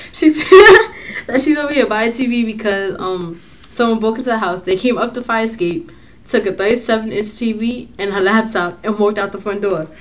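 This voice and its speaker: A young woman tells a story to the camera in a loose, slangy way. She swears often and sounds animated. Her pitch sits in the middle. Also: fairly quick. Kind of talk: casual storytelling vlog.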